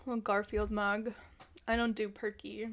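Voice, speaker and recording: A woman's voice: mid-range voice, flat delivery, moderate pace. A young woman chatting casually into a desk mic at home, rambling and self-deprecating with lots of fillers. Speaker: vlogger. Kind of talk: rambling casual vlog chat. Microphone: desk mic with headphones.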